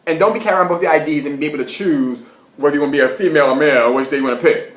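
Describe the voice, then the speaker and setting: A young man tells a story in a casual monologue, animated and swearing, with quick rants and laughter. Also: on the high side. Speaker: vlogger. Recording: roomy echo.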